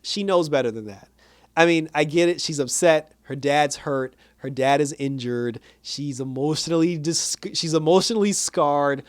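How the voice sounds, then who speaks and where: A man giving a casual, animated recap of a TV episode. He laughs often and acts out the characters' lines in higher voices. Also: moderate pace, few pauses. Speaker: reviewer.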